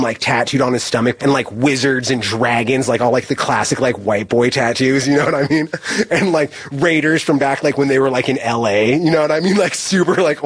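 Husky man telling a rambling story. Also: medium pitch, no room sound. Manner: rambling, heavy "like" filler, laughs at himself. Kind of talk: casual spoken storytelling.

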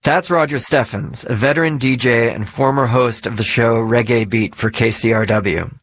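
A man giving scripted documentary narration in a measured, even delivery. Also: mid-range voice, dry recording.

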